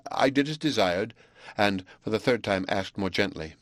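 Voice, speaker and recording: A man narrating a classic novel in a measured, even, literary way. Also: on the low side, no echo. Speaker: audiobook narrator. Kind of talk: scripted narration.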